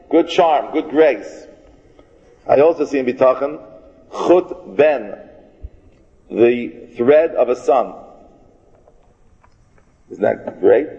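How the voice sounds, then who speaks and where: A man's voice: medium pitch, warm tone. Man giving a folksy Torah lecture. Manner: folksy, joking, restarts phrases, mixes in Hebrew and Yiddish words. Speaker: rabbi teaching a class. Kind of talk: Torah lecture to a live audience. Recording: dull, reverberant hall recording.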